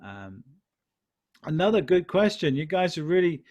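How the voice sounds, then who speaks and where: A man's voice: fairly high pitch, sing-song, moderate pace, a little mellow, muffled recording. A man teaching sales in a live question-and-answer session, encouraging and repeating his key phrases. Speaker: sales trainer. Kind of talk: live online Q&A lesson.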